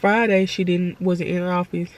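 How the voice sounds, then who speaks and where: A woman with a fairly low voice and flat delivery speaks at normal speed while vlogging at home. She's tearful and crying, and her emotional personal vlog comes out in rambling, repetitive bursts full of stumbling restarts.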